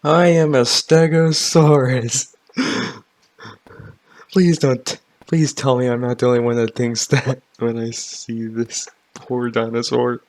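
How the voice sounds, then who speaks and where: A man's voice: mid-range voice, darkish tone. A man giving casual gameplay commentary, playful and joking, with sudden exclamations. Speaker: gaming YouTuber.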